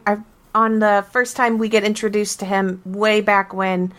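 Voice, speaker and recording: A woman co-hosting a casual game podcast, telling her story with emphatic, animated restarts. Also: mid-range voice, normal speed. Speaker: podcast co-host.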